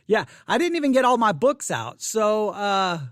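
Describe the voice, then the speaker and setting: Flustered preacher, winded, higher voice, dry close mic. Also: male voice, very animated, measured pace, a bit bright, dry recording. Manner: flustered, rambling restarts. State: out of breath. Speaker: Baptist preacher commenting on news. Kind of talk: off-the-cuff news commentary. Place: church building. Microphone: desk microphone.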